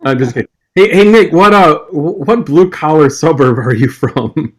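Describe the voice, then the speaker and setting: A man's voice: a little high, lively intonation, moderate pace, poor audio. A man hosting a comedy show in a loose, rambling way, laughing often. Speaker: host.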